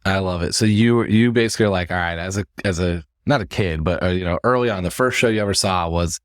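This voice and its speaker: Man, podcast host, very deep voice, rambling questions, casual interview, dry recording. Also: fast talker, no room sound. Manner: conversational, asks rambling questions.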